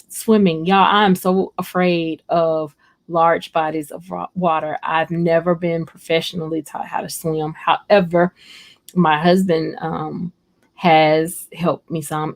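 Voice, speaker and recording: An unhurried woman with a lowish voice and flat delivery reads out viewer comments during a casual livestream. Her replies ramble, chatty and heartfelt, and she speaks right to her viewers.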